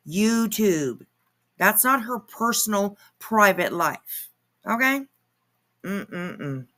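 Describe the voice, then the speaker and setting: A woman's voice: mid-range voice, animated, extremely slow, pushed and bright. A woman hosting her own commentary channel, reacting to clips in a sarcastic, mocking way and swearing freely.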